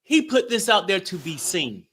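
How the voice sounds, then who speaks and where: A man's voice: sits high, very animated, normal speed, a bit bright, husky. A man co-hosting a casual chat, laid-back, mostly giving short replies and agreeing. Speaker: co-host.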